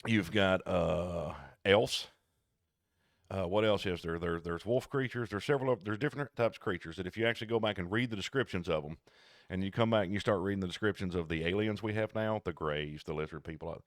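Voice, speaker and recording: Animated man on a dry podcast mic. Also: sits low, a little fast, no room sound. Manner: animated, digressive, jokey storytelling. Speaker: podcast co-host. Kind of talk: casual podcast chat.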